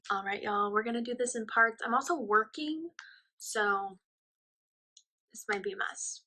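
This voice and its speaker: A woman's voice: a little high, measured pace, sharp tone, rough recording. A young woman unboxing gifts in a casual talk, gushing and often dropping to a whisper. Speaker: friend opening gifts.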